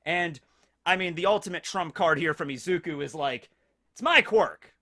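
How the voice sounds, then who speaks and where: A man's voice: fairly high pitch, moderate pace, sharp tone. A man hosting a casual anime review, talking energetically and chuckling between his points.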